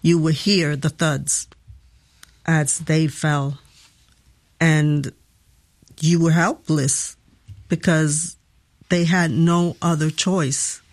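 A woman's voice: low-pitched, steady tone, extremely slow, pauses often, dry recording. A woman answering interview questions in short, sparse remarks.

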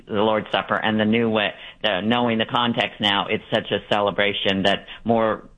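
Hesitant caller on a dull line. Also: male voice, lowish voice, steady tone, moderate pace. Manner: hesitant, with many fillers. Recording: muffled phone line.

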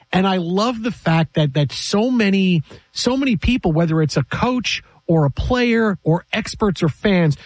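High-voiced emphatic man. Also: no echo. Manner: animated, emphatic, mimics other people in quick asides. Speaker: sports talk co-host. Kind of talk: casual sports debate.

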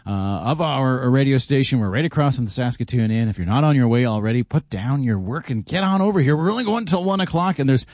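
Man, radio host, energetic chatty promo, out of breath, dry sound. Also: mid-range voice, fast talker, few pauses, no echo. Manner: energetic, chatty, upbeat plugging. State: hot and out of breath. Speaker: radio host doing a live remote. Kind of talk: live on-location radio promo. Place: outdoor parking lot.

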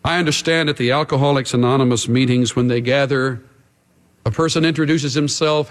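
A man's voice: medium pitch, steady tone, fairly quick, big-room sound. A male pastor preaching an emphatic sermon, addressing the congregation directly.

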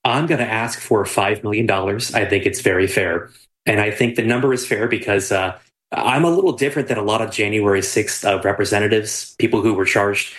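A man's voice: fairly low pitch, a little fast, fairly bright tone. A man speaking earnestly as a guest in a talk show interview. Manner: earnest, laughs easily.

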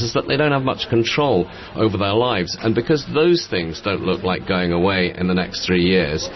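A man with a very low, deep voice, delivering political analysis as a radio correspondent. He speaks emphatically and with animation, and the broadcast sound is a little dull. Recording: muffled broadcast audio.

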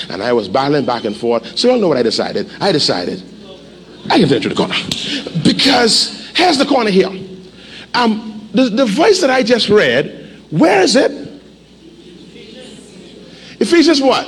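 A male pastor preaching a sermon, animated, with call-and-response and sudden shouts, in a church. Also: high-pitched, moderate pace, long pauses, slight background noise. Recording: echoey hall, faint ambience.

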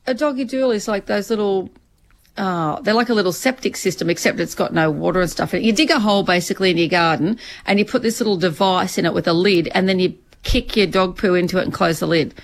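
Australian woman, mid-pitched, chatty explainer co-host. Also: quick pace. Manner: explanatory, lists things off. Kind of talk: casual banter.

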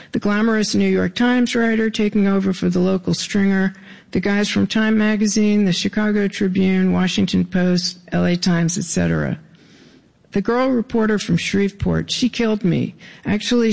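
A man with a gravelly voice reading his own writing aloud to an audience, with dry, wry asides. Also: high-pitched, darkish tone.

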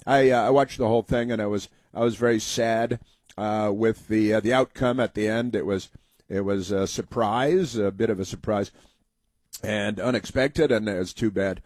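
A man hosting a political opinion monologue, halting and rambling with many fillers, in a sneering, sarcastic tone. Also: on the low side, darkish tone, no echo. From United States. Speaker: talk show host.

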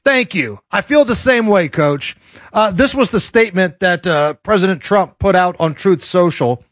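A man's voice: high voice, lively intonation, normal speed, a bit bright, dry recording. A man hosting a radio talk show, chatting casually with a sardonic, joking delivery.

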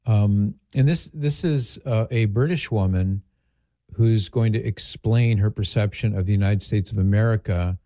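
A male radio host with a low, warm voice talks in a relaxed, rambling way, pausing with fillers as he sets up clips. The studio sound is close and dry, with soft music now and then. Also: no echo. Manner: relaxed, conversational, with fillers and asides. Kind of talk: talk radio commentary.

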